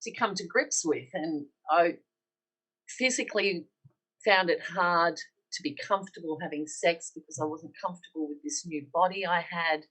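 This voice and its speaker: Woman, Australian accent, middle-aged, lower pitch, emotional, storytelling podcast guest. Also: normal speed, a bit bright, breathy edge, poor audio. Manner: earnest, emotional, acts out quoted dialogue. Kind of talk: casual personal storytelling.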